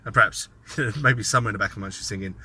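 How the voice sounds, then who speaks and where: Bright-voiced man ranting sardonically. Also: lowish voice, racing, husky. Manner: sardonic, mocking asides; rambling, thinks aloud. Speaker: political commentator. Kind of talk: casual commentary monologue.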